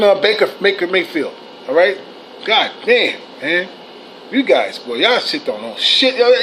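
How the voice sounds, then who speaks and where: A man with a notably high voice delivers a heated, profane fan rant, blunt and scolding toward his viewers. He gets animated and loud at times. A faint hiss sits under the recording. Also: low-quality recording. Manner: animated, swings to shouting. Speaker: sports fan commentator.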